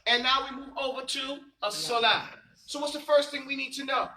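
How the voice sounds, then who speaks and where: A man's voice: extremely high pitch, steady tone, brisk, pushed and bright, reverberant, far from the mic, slight background noise, rough recording. A man teaching a religious class, quizzing his students and stressing key points. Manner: quizzing students, emphatic and repetitive. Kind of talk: classroom lesson with call and response.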